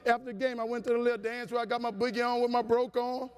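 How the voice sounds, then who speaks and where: Keynote speaker, male, higher voice, animated preacher cadence, reverberant hall. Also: quick pace, smooth. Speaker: motivational speaker. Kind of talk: storytelling keynote speech. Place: large conference hall.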